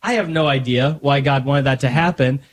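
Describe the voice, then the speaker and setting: A man's voice: medium pitch, a little fast. A man as a podcast guest, talking earnestly about faith with lots of restarts and acted-out quotes. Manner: earnest, many restarts, acts out quoted dialogue. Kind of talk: casual faith conversation.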